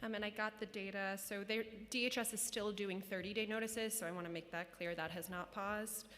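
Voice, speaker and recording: A woman city official giving formal testimony at a council hearing, in a measured delivery of prepared remarks and figures. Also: medium pitch, steady tone, fairly bright tone. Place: council chamber. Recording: long chamber reverb.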